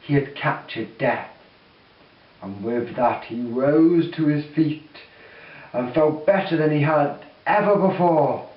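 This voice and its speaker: A man's voice: on the high side, takes it slowly, far from the mic. A man reading a story aloud in a plain, uneven pace as amateur narrator. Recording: dull echoey recording from off-mic.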